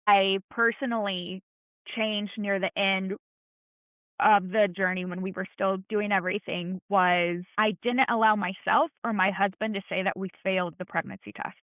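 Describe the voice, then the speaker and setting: A woman's voice: mid-range voice, steady tone, moderate pace, dry recording. Podcast guest: woman, earnest and encouraging, over a dry, tinny phone-like line. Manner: earnest, encouraging, plain-spoken. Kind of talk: candid heartfelt conversation.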